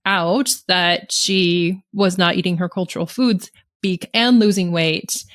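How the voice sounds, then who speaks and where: A woman's voice: lowish voice, steady tone, unhurried, fairly bright tone, no echo. Woman, podcast host, casual chat, affirming listener, dry room sound. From California. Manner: chatty, frequent affirming "mm-hmm"s. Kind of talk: casual conversational interview.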